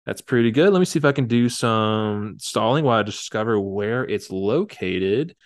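Low-voiced rambling podcast host. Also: male voice, lively intonation, normal speed, dry recording, studio quality. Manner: joking, rambling, tipsy banter with fillers. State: slightly drunk. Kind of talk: casual chat.

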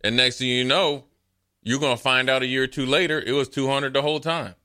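A man's voice: medium pitch, steady tone, fairly quick, bright, forceful tone, dry recording, clean studio sound. A man co-hosting a casual sports talk show, explaining his view in a confident, chatty way. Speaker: co-host.

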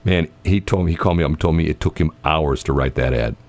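A man's voice: a bass voice, fast talker, darkish tone. A man with a St. co-hosting casual morning radio, laughing often and joking. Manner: laughs often, jokey, acts out mock voices. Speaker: radio show co-host.

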